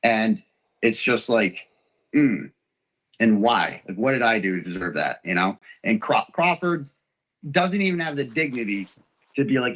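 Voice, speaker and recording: A man's voice: on the low side, lively intonation, moderate pace, fairly bright tone, rough recording. A man from Texas hosting a livestream, ranting in a rambling, profane, hurt way. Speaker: livestream host. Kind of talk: emotional livestream rant.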